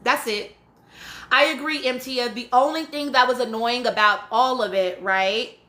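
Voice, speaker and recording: This podcast host is reading her live chat aloud on a stream, replying casually and with emphasis and frequently tossing in "right?" Her pitch is fairly high and her tone steady, a little slow, pushed and bright, with room echo.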